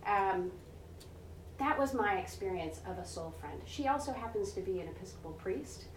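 With lively intonation, medium pitch and normal speed, a woman preacher in her forties shares a personal story in a conversational sermon. She keeps asking "right?" and acts out the voices, over slight background noise, recorded from a distance in an echoey room.

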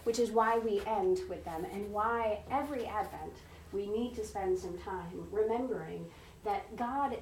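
A woman's voice: medium pitch, darkish tone. Female preacher, 40s, chatty sermon storytelling, picked up from across a roomy hall, faint room noise. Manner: conversational, often asks "right?", acts out voices. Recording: echoey room heard from a distance.

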